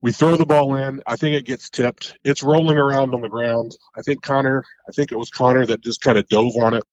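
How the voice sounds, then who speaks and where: A man's voice: medium pitch, fairly quick, highs cut off. A man, a head coach, telling a long game story in a casual podcast chat, rambling and correcting himself as he goes. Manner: animated, rambling recounting with self-corrections.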